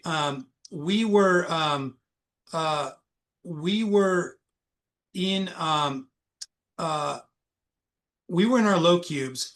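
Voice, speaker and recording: Middle-aged man telling a story. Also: a little high. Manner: animated, anecdotal retelling. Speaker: podcast guest, recruiter. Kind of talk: conversational storytelling.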